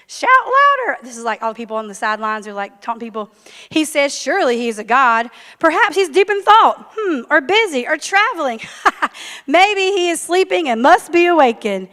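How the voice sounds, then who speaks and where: A woman preaching a sermon, telling the story in a lively way with joking asides. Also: a little high. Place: church sanctuary. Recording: long hall reverb.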